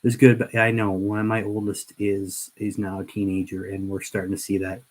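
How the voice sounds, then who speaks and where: A middle-aged man chats through a livestream as he paints miniatures, his voice sitting a little low. He rambles earnestly, often restarting his sentences, and talks straight to his viewers. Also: flat delivery, a little fast, low-quality recording. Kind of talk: casual livestream chat.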